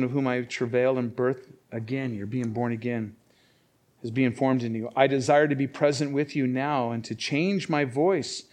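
A man preaching a conversational sermon, reading scripture aloud and asking rhetorical questions. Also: mid-range voice. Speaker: pastor.

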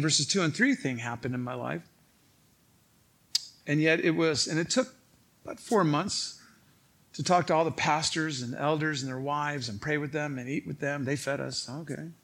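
A male pastor preaches with animated storytelling, acting out other people's lines and laughing at his own tales. His voice is a little high, at normal speed, with long pauses.

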